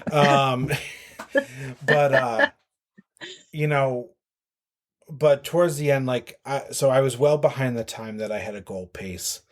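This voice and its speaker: A man's voice: medium pitch, slow, long pauses. A man, a podcast guest telling a long story casually, full of fillers and restarts. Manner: rambling with many fillers and restarts. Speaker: podcast guest, marathon runner.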